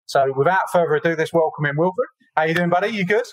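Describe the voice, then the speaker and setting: A man's voice: on the high side, fast, dry recording, rough recording. Chatty male podcast host. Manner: chatty and encouraging, many fillers. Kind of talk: casual interview hosting.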